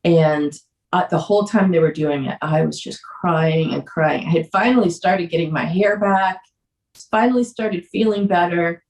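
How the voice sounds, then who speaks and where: A woman podcast guest candidly telling a personal story, earnest and emotional, sometimes halting. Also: fairly low pitch, a little mellow, recorded from a distance. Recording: roomy echo.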